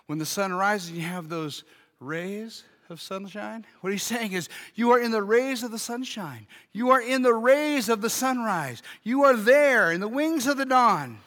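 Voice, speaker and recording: A high-pitched, bright-toned male pastor preaching a sermon in a church sanctuary. His voice rings out with a long hall reverb. He moves from quiet explanation to emphatic, shouted refrains. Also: lively intonation, a little slow.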